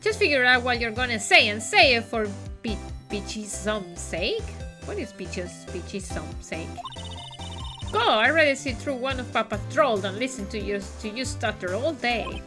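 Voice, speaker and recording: A loud, slangy young Southern woman, as a woman streamer puts her on in a video game, drawling hard with a high voice that swings all over. She is feisty and brash. Game music plays underneath. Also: sing-song, moderate pace. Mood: scornful. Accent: exaggerated Southern US drawl, put on.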